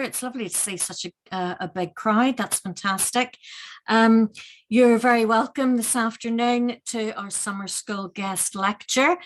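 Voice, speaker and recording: A woman opens a lecture event and introduces the guest speaker with warm, welcoming praise. Her voice sits at a middle pitch, and she speaks with a few ums along the way. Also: low-quality recording. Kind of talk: formal introduction.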